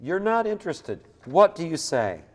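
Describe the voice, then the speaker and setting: A man from Minnesota hosting a comic talk show, lively and talkative, joking and drifting off topic. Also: a little high, normal speed. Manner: lively, talkative, jokey, digresses.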